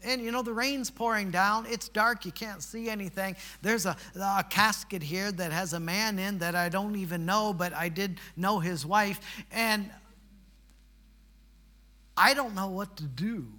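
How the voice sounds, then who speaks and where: Male preacher, sermon storytelling; high and very bright, folksy, builds to emphatic peaks. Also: a little slow.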